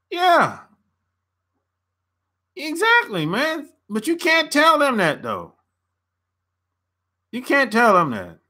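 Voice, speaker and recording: A man's voice: sits high, pushed and bright. An American man, a relationship coach, giving a blunt casual opinion rant to camera and laughing often.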